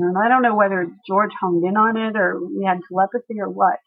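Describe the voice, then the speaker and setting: A woman telling a personal story to a listener, animated and acting out the voices of the people she quotes. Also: medium pitch, fairly quick, hardly any pauses, husky, narrow, tinny audio.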